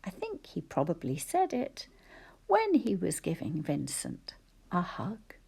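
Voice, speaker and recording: A woman teacher dictating spelling sentences slowly and carefully, often whispering the sounds and syllables of words. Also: on the low side, wildly swooping pitch, gravelly, darkish tone, husky. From Scotland. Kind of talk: slow spelling dictation lesson.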